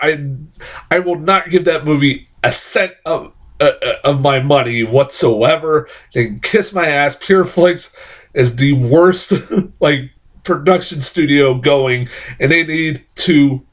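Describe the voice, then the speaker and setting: A man giving a casual, heated film review, swearing often, laughing through his rants and filling pauses with "um" and "like". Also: fairly high pitch, fairly bright tone. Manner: profane, heated, laughing rants with frequent fillers.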